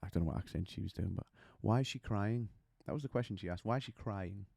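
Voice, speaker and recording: A man's voice: lowish voice, fast talker, gravelly, warm tone, breathy edge, no echo, clean studio sound. A man teaching singing technique, chatty and explaining with demonstrations and little stories. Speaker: vocal coach. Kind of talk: singing lesson to camera.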